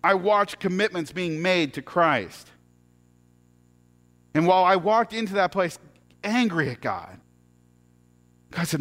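A middle-aged man telling a personal story as a sermon, earnest and halting, often restarting his words. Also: high-pitched, very animated, fairly bright tone.

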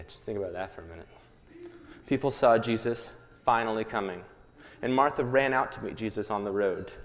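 A playful man runs a children's Bible lesson, coaxing his audience along. His voice sits in a middle register. A long reverb from a church hall hangs after each line. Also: mid-range voice. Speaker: children's Bible program leader. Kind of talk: lively kids' Bible lesson with skit. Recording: echoey hall.

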